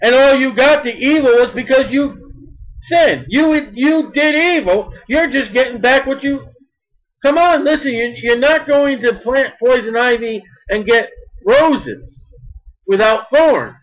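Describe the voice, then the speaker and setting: A man preaching a sermon in an emphatic style, repeating words and swinging between loud bursts and soft asides. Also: very high voice, unhurried, low-quality recording.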